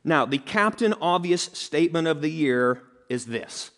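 Emphatic male preacher, rising pitch. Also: animated, unhurried, fairly bright tone. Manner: emphatic preaching with repetition and rhetorical questions. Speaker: pastor. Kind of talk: sermon.

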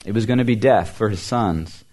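Male pastor, lower voice, earnest sermon delivery, climbs on emphasis, drops soft at phrase ends. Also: moderate pace. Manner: earnest preaching, rising emphasis then dropping to soft low endings; repeats words for emphasis.

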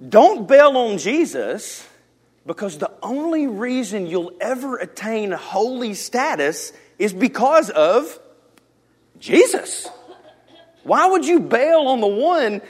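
A male pastor delivers a sermon in a church. His voice sits high and leaps all over its range. He swings between loud, emphatic lines and near-whispered ones. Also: very animated, takes it slowly, husky. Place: church sanctuary.

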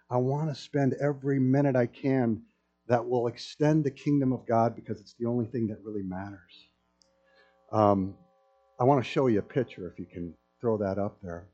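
Animated storytelling man preaching, lo-fi sound. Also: medium pitch, moderate pace, husky, faint music behind. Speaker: pastor. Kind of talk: sermon. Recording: dull lo-fi sound.

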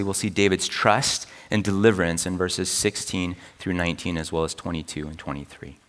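A middle-aged man preaching a sermon as pastor, earnest and expressive, with dramatic pauses. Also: on the low side, in a large hall.

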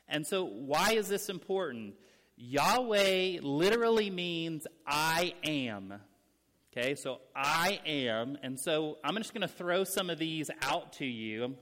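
Man, pastor, teaching sermon, earnest, fairly high voice, long church reverb. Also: lively intonation, a bit bright. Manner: earnest, explanatory, speeds up and slows down for emphasis. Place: church sanctuary with young people present.

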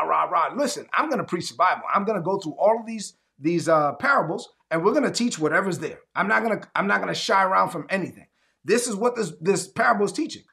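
Male pastor, high gravelly voice, preaches with animated acted-out dialogue. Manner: animated, acts out conversations in his own voice; calls for audience responses. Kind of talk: sermon.

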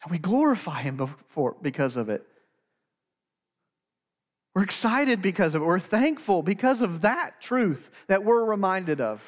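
High-voiced man preaching in a hall. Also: very animated. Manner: earnest preaching, slows to stress key phrases. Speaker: pastor. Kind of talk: sermon.

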